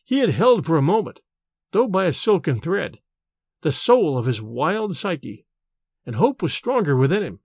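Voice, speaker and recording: A man narrating a classic short story in an expressive storytelling manner. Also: a little high, normal speed, dry recording, clean studio sound. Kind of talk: audiobook narration.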